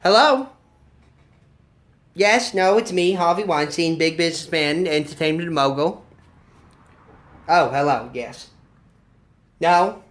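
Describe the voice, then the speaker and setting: A man's voice: fairly high pitch, slow, long pauses, a bit bright. A man doing a stammering, self-pitying mogul. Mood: evasive. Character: whiny, evasive male movie mogul, middle-aged. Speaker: guest. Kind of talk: improvised comedy sketch.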